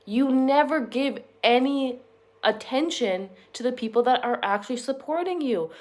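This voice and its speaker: A woman's voice: high voice, lively intonation, moderate pace. A young woman hosting a reaction channel, giving blunt, sarcastic and profane casual commentary. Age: young adult.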